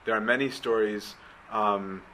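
Here a preacher with a lowish, pushed and bright voice talks at a measured pace with fairly even intonation. He delivers a conversational sermon, often asking "right?" to check in, on a low-quality recording with slight hiss or hum.

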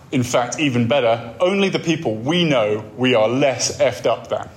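A man's voice: mid-range voice, normal speed, few pauses. A man giving a wry, conversational talk on a faith course, telling stories to make his points. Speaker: course speaker.

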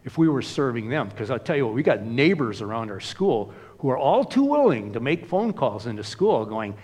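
A man's voice: medium pitch, very animated, normal speed, few pauses, a little mellow, husky, big-room sound. A man preaching a sermon in a conversational way, with many casual asides. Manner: conversational, frequent "you know" asides. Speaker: pastor.

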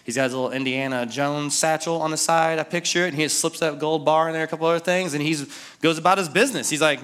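A man's voice: on the high side, brisk, a bit bright. A male pastor preaching a sermon in a casual, conversational way, with frequent fillers.

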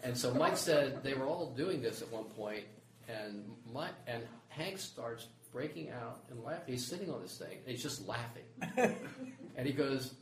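An older man who worked on the space shuttle software, telling a story in casual chat and laughing along the way. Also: mid-range voice, normal speed, far from the mic. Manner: animated, laughs while telling stories. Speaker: former space software engineer, guest. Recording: echoey room with background noise.

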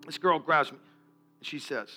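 A man in his forties, a pastor, telling stories in a sermon in an animated, self-deprecating way. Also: a little high, normal speed, faint music behind. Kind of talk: sermon storytelling.

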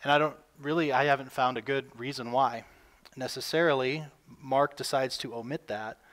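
Male pastor, mid-range voice, earnest sermon delivery that lifts in pitch and volume on scripture. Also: fairly even intonation, normal speed, a bit bright.

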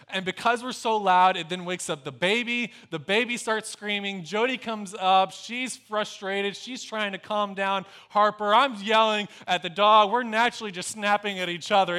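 A young man preaching a sermon as pastor, telling a story in an earnest way. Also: high-pitched. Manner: storytelling, earnest, dropping to a soft hush in prayer.

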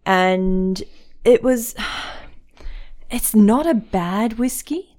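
A woman hosting a podcast, chatting casually and telling lively stories about trips and whiskey. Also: mid-range voice, drawn-out words. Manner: chatty, animated storyteller. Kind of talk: casual chat.

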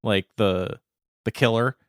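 A man with a lowish voice chats casually as a podcast co-host. He laughs easily and drops into joking accents for quotes. The sound is dry and close, with no room around it. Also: slow, no room sound. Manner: laughs often, slips into mock accents when quoting. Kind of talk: casual chat.

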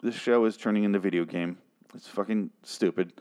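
A man's voice: lowish voice, brisk, a little mellow. A man recapping and ranting about a TV episode in a sarcastic, profane, exasperated way. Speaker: TV episode reviewer. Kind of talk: casual recap and rant.

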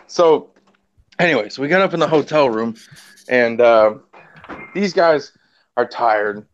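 Animated man telling a story, lo-fi. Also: mid-range voice, measured pace, pauses often. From Canada. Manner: animated, profane, laughs often, acts out quotes. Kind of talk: casual storytelling chat. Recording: dull lo-fi sound.

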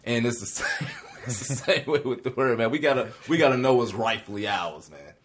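A man co-hosting a casual faith talk, animated and often laughing as he preaches. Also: mid-range voice, brisk.

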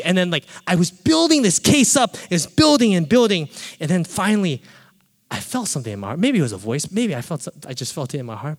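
Male pastor, sermon, lively up-and-down voice, slightly high, storytelling, echoing hall. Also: fast talker. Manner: animated storytelling, acts out his own quoted thoughts. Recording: reverberant hall.

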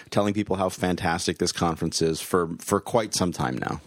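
A man's voice: low voice, steady tone, moderate pace, no room sound. A middle-aged academic man co-hosting a podcast, trading dry, teasing banter in casual chat.

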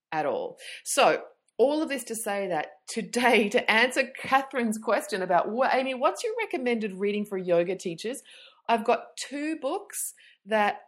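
A woman hosting a podcast, talking in a chatty, rambling way, full of fillers and self-mockery. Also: medium pitch. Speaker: podcast host and yoga teacher. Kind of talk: casual podcast chat.

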